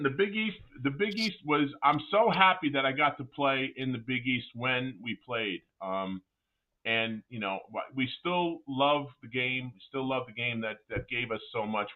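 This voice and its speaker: A middle-aged man talking as a guest over a thin, phone-like line, his voice sitting at an everyday pitch for a man. He tells lively stories, doubling back and restarting his sentences as he goes. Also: normal speed. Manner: animated anecdotes with frequent restarts. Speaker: guest, former college basketball player. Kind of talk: casual interview storytelling.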